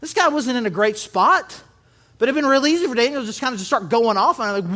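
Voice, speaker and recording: High-voiced pastor preaching a casual sermon. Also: male voice, brisk. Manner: conversational, animated with acted quotes.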